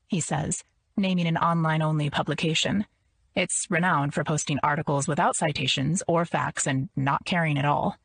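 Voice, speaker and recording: A woman narrating an audiobook in the first person, in an even, measured reading. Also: low voice, vocal fry, breathy edge, no echo.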